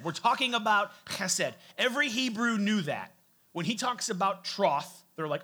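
Bright-voiced casual male preacher. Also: high voice, lively intonation, moderate pace. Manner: conversational, casual preaching with asides. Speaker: pastor. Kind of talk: sermon.

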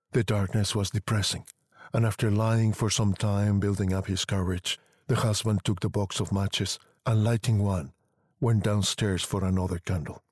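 A man narrating a story in a measured, deliberate reading style. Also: low voice, a little mellow, slightly rough, dry recording, studio quality.

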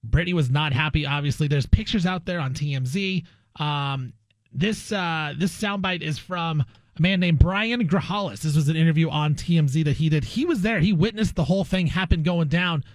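A man with a fairly high voice hosts a sports radio show, telling stories in an animated and joking way. His voice is close to the mic and dry, with no room sound. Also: moderate pace, no room sound. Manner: animated, jokey storytelling. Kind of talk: casual sports radio chat.

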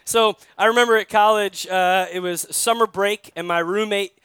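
A man's voice: high-pitched, fairly even intonation, moderate pace, a bit bright, clean tone, no room sound. A man from New York, a pastor giving a sermon in a conversational storytelling way, often asking his listeners directly.

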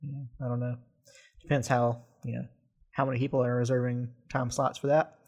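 A man's voice: medium pitch, level tone, moderate pace, a little mellow. A young man co-hosting a casual podcast chat, laughing easily and sounding exasperated and incredulous. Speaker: podcast co-host.

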